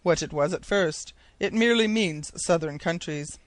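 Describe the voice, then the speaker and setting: Guy reading as a keen chatty scholar, fired up explaining, pretty high voice, dry sound. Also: moderate pace, no echo, close to an everyday voice. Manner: excited, insistent explaining. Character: eager talkative male geographer, scholarly.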